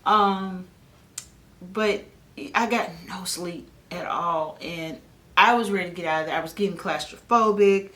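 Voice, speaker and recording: A woman, casually telling her own birth story on a family vlog, animated, and jumping her voice up when she imitates other people. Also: fairly low pitch, unhurried. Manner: animated, mimics others with a raised voice. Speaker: vlogger and mother.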